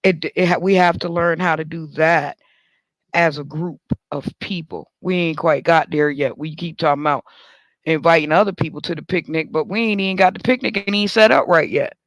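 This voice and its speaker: A man with a high, light voice spins a casual story as host of a talk show. He talks with animated swings, jumping higher when he jokes about himself. The sound is close and dry, with no room around it. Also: normal speed, no echo.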